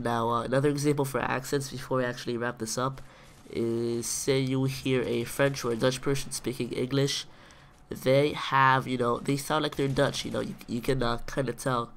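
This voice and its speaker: Nasal Israeli-accented man, slow. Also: mid-range voice, fairly even intonation, creaky, a bit bright, slight background noise. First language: Hebrew. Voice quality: nasal, congested-sounding. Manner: slow and deliberate, pausing to find English words. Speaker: gaming video commentator. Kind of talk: casual talk to camera.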